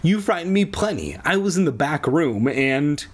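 A man's voice: mid-range voice, huge pitch swings, unhurried, breathy edge, full character voice. A man reading a children's book aloud, voicing a stern young woman who owns a shop, snappy and scolding. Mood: flustered.

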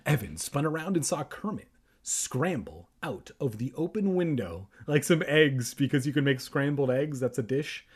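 A man's voice: mid-range voice, animated, moderate pace, slightly rough. A man reading a children's horror book aloud for laughs, in a rambling, self-mocking and tipsy manner with jokey asides.

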